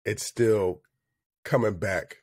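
A man co-hosting a podcast in casual chat, with a slightly stuffy nose, telling stories in a relaxed, joking way over a headset mic. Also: on the low side, slow pace, breathy edge. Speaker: podcast co-host.

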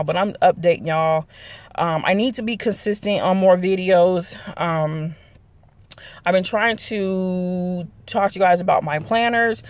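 A woman, chatting casually to her viewers in a rambling vlog. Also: on the low side. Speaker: vlogger. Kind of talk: casual chat to camera.

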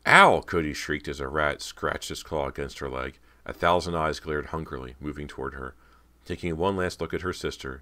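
A man narrating a horror audiobook in a steady, measured reading. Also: extremely low pitch.

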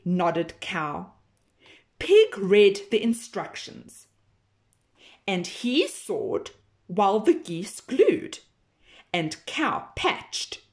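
Woman teacher, storybook read-aloud, very slow pace, sing-song lively pitch.

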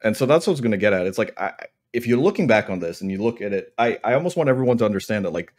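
Co-hosting a wrestling podcast, this man jokes and rambles in casual conversation, talking in fast bursts. His voice sits fairly low, with a darkish tone and plenty of expression.

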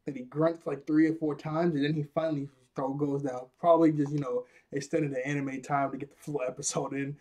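A young man with a fairly high, warm and mellow voice chats through an anime episode recap. He laughs often and slips into character voices to act out scenes. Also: flat delivery, fairly quick, hardly any pauses. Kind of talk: casual recap commentary.

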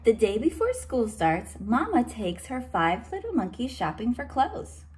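A teacher reading a picture book aloud to young children, pausing to explain words and point at the pictures. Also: female voice, on the high side, sing-song, darkish tone.

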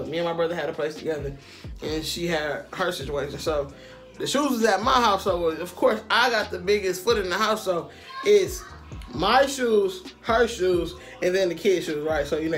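A man's voice: fairly high pitch, fairly bright tone. A man telling a personal story in a casual vlog, slangy and profane, often turning to the listener to ask if they follow. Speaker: storytime vlogger.

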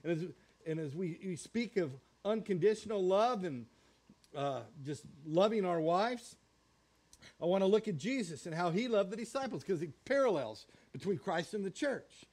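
A middle-aged man preaches from the pulpit in a folksy, joking way. His voice sits high for a man, and he slips into little acted-out quotes as he teaches. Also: expressive, normal speed, darkish tone. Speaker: pastor. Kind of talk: sermon.

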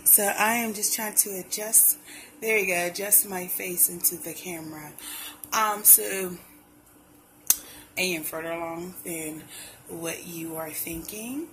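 A woman's voice: fairly low pitch, unhurried, background noise. A young woman talking casually to her viewers in a pregnancy vlog, loose and chatty, calling them y'all. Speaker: pregnancy vlogger. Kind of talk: casual chat to camera.

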